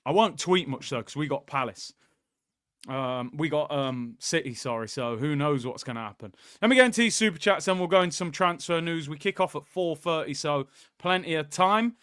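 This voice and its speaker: A man's voice: fairly high pitch, moderate pace, clean tone, dry recording, clean studio sound. A man hosting a football watchalong, joking and ranting to his viewers in casual chat. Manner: joking, animated rant, keeps addressing viewers as "people". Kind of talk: casual fan commentary to a live chat.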